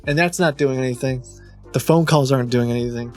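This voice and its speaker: A man's voice: medium pitch, a little fast, a little mellow, soft background music. Exasperated man rambling through a story. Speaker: streamer and host of a scam-baiting show. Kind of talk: casual chat.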